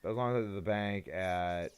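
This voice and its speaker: A man's voice: low voice, unhurried, smooth. A tired young man chatting casually on a live game stream, rambling and hesitant, often restarting his sentences. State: tired, yawning.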